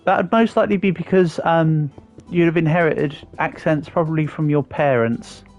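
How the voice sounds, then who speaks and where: A man's voice: a little high, moderate pace, muffled recording, soft background music. Chatty English man streaming. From England. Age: 30s. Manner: chatty, answers viewers' comments as he works. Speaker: livestreamer. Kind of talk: casual live-stream chat while building in a game.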